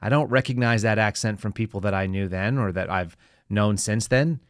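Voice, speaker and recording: A man's voice: lowish voice, normal speed, no echo, studio quality. A man from the United States hosting a political commentary podcast, sarcastic and talking to his live chat. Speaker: podcast host.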